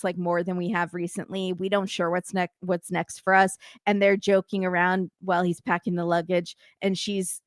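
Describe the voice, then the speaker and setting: Woman guest recapping reality tv, acts out the quotes, mid pitch, dry close sound. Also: no echo. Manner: animated storytelling, acting out quotes. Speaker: podcast guest. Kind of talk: casual episode recap.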